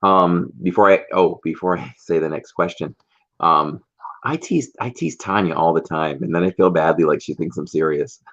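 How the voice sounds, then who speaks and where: Man, very low voice, chatty storyteller, teasing, dull lo-fi stream audio. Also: moderate pace, fairly bright tone. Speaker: livestream co-host. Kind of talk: casual chat.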